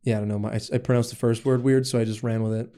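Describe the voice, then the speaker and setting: A man's voice: level tone, rapid-fire, mellow. A young man co-hosting a casual podcast, rambling through stories, swearing freely and mimicking others. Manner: rambling storyteller, swears, imitates people in a higher voice. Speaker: podcast co-host. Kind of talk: casual chat.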